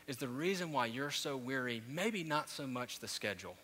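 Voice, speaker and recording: Man, 30s, preacher, sermon, sharp bright voice, long hall reverb. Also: mid-range voice, normal speed. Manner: storytelling, rising to loud animated peaks. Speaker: pastor.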